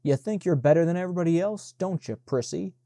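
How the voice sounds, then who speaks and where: A man's voice: fairly high pitch, quick pace, creaky, dark tone, no room sound, clean studio sound, voice pushed up. A man voicing a spiteful little boy who taunts in a whiny, sneering way. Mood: taunting.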